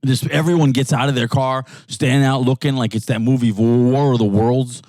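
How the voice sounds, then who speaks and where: A man's voice: mid-range voice, steady tone, normal speed, no echo. Man, new york accent, swearing car-podcast banter, dry close sound, voice jumps up for rants. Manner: loud, swearing, acts out rants in raised voices. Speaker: podcast co-host. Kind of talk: casual profane banter in a car. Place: inside a jeep.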